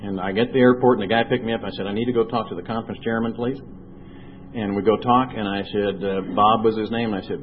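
A man telling his recovery story to an audience, earnest and storytelling, slowing down and weighing his words at the heavy moments. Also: fairly low pitch, fairly even intonation. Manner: earnest storytelling, slow and heavy at emotional points. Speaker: recovery speaker. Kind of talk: personal testimony talk. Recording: dull lo-fi recording with faint noise.

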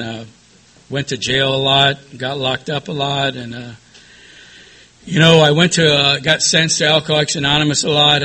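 A middle-aged man tells his own story to a room at a recovery meeting, plain-spoken and rambling, with plenty of fillers. His voice has a husky edge, yet the tone sits bright and forward. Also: medium pitch. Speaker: speaker sharing at a recovery meeting. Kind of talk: personal testimony to an audience.

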